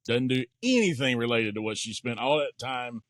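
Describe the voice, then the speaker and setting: A man in casual podcast chat who chimes in quickly and easily. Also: medium pitch, animated.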